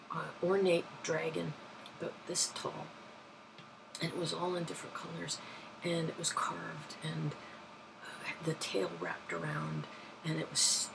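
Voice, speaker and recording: A woman's voice: low voice, gravelly, background noise. A woman from London, telling everyday stories in a rambling, chatty way that keeps correcting itself. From London, England. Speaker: vlogger. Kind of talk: casual anecdotal storytelling.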